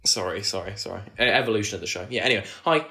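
A man co-hosting a casual comedy chat, joking around and quick to apologise. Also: lowish voice, bright, forceful tone. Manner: joking, giggly, apologetic asides. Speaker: podcast co-host.

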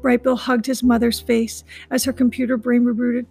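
A woman's voice: on the high side, level tone, creaky, warm tone, slightly rough, no echo, faint music behind. Woman reading a children's novel aloud. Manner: recaps chapters casually, then reads briskly.

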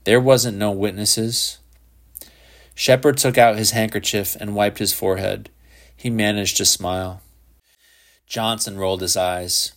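Low-voiced male audiobook narrator. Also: steady tone, normal speed, a bit bright.

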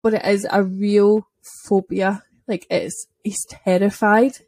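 A woman's voice: mid-range voice, flat delivery, slow, a little mellow, no echo. A woman telling a dog-walking story in a casual podcast chat, chatty and full of "like" fillers. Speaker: dog owner and podcast speaker.

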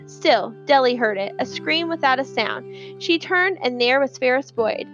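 A woman narrating an audiobook in an expressive storytelling manner. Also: high-pitched, normal speed, highs cut off, faint music behind. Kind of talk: scripted narration.

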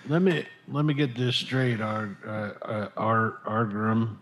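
A man voicing a blunt, gruff male adventurer with an American Western accent and a folksy drawl. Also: on the low side, fairly even intonation, takes it slowly, a bit bright, pitched below the performer's own voice, rough recording. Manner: folksy, drawling, stumbling over names.

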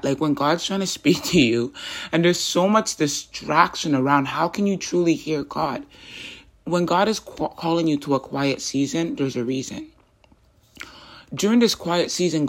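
A woman hosting a faith podcast, talking in an earnest, chatty way with casual slang and quick asides. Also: low voice. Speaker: podcast host. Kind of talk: casual devotional podcast talk.

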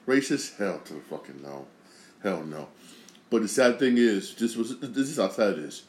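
A man's voice: lowish voice, lively intonation, normal speed, echoey room. A man hosting his own podcast, rambling casually, repeating phrases and swearing freely as he talks. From Connecticut. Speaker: podcast host. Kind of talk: casual solo podcast monologue.

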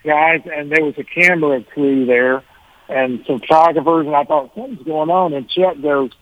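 A man's voice: fairly high pitch, fairly even intonation, normal speed. A man, a guest musician, telling rambling stories in a casual interview, often restarting and chuckling. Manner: rambling, self-correcting, chuckling. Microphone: phone. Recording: tinny phone line.

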